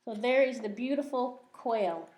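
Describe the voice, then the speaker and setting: A woman teacher reading a picture book aloud to young children, gently asking them questions along the way. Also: fairly high pitch, expressive, unhurried.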